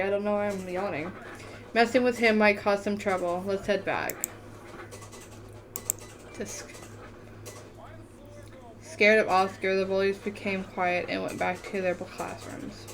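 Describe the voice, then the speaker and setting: A woman's voice: mid-range voice, a little hiss or hum. A woman reading the text of a story game aloud in a casual let's-play manner, often tripping over words and correcting herself. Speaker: gamer reading a visual novel aloud.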